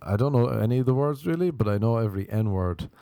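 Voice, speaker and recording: A man's voice: medium pitch, expressive, quick pace, creaky, dark tone, dry recording. A young man hosting a podcast, rambling through comic stories, swearing freely and acting out the voices in them. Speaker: podcast host. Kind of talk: casual comedic monologue.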